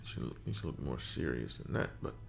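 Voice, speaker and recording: A deep-voiced man with a gravelly, fry-heavy tone talks his way through a game's character creator. He mumbles half to himself, trailing off and cursing lightly, while faint music plays in the background. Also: animated, fast. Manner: muttering to himself while working, mild swearing. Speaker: gaming creator. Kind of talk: casual game commentary.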